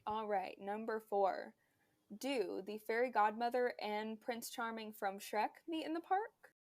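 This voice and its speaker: A woman's voice: on the high side, unhurried. Chatty young woman hosting a quiz. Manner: chatty, hesitant with many fillers. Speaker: podcast co-host running a quiz. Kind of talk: casual podcast chat.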